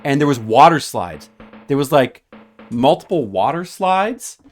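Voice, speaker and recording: A man chatters casually while streaming a retro puzzle game, playful and meandering as he teases a viewer. His pitch bounces around with lively, animated swings. Faint game music plays behind him. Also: a little slow. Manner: playful, rambling, jokingly addresses a viewer by name.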